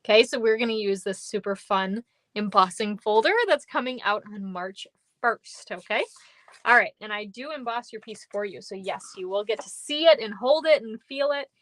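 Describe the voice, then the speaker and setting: This live craft tutorial features a papercraft demonstrator who keeps things upbeat and conversational, thanking viewers by name mid-project. She speaks at normal speed with a medium, somewhat bright voice and no echo.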